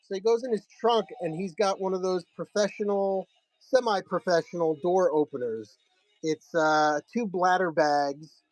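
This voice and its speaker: Guy with a pretty high voice chatting loose and sweary, comic sale stream, dead dry mic. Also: moderate pace, no echo, poor audio. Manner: profane, rambling, chuckling. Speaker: comic seller hosting a live sale. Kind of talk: casual storytelling while showing comics.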